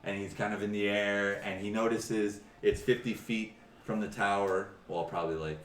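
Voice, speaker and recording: A man running a tabletop game as dungeon master, narrating in a halting, rambling, amused way. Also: fairly low pitch, fairly even intonation, fairly bright tone. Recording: distant echoey room, noisy.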